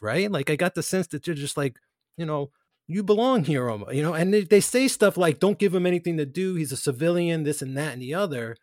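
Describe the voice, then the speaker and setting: A man's voice: a little high, dry recording, clean studio sound. A young man co-hosting a podcast, chatting casually in a rambling way with lots of fillers and restarts. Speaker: podcast co-host. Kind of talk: casual chat.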